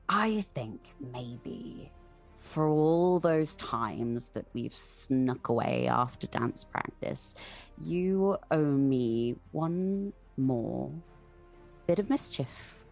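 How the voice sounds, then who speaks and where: A woman voicing a playful, flirtatious female captain who talks in a slow, teasing way. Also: extremely low pitch, expressive, a little mellow, slightly rough, soft background music, heavily acted.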